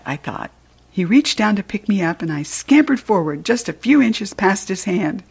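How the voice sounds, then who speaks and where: A woman reading a children's chapter book aloud with playful, expressive narration. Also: medium pitch, normal speed, gravelly, breathy edge. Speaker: reader.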